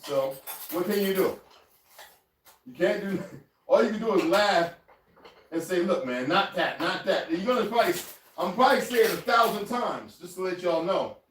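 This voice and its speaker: A vlogger rambles casually to his viewers in his home kitchen, laughing often and talking to his cat while he searches around. His voice sits high, he speaks at a normal speed with long pauses, and he is far from the mic, so the sound is roomy and off-mic with faint noise.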